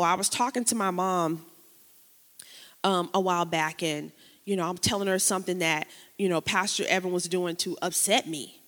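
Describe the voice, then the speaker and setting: A woman pastor preaching a sermon, moving between lively preaching, casual slang and quiet personal storytelling. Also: on the high side, long reverb tail.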